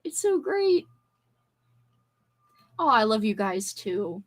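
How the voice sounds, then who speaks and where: A woman's voice: medium pitch, slow. A woman hosting a casual livestream, chatting with viewers in a bubbly, effusive way. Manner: bubbly, effusive, squeals with excitement. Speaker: livestream host.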